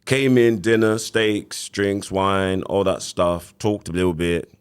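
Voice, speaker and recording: Deep-voiced London man telling his story. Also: takes it slowly, smooth. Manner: animated retelling with acted quotes. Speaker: podcast guest. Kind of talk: casual storytelling.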